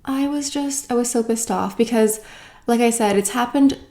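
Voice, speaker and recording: A woman's voice: fairly high pitch, normal speed, warm tone. A woman beauty vlogger chatting casually to camera, venting in an exasperated way with lots of fillers.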